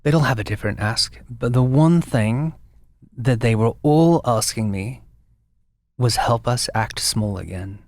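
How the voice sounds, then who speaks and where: A man guest and brand founder in a casual interview, an animated storyteller with frequent restarts. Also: medium pitch, measured pace, no room sound.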